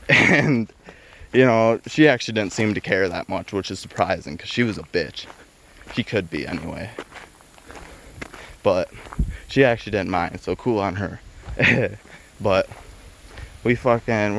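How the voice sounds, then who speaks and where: Young guy, lower voice, foul-mouthed, laughing storyteller; noisy background. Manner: heavy swearing, laughs between lines. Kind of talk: casual spoken storytelling.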